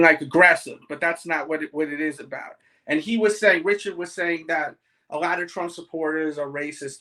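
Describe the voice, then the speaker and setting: A man's voice: high voice, rough recording. Blunt man with a New York accent. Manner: blunt, forceful, argumentative tone. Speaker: livestream host. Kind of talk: casual livestream chat.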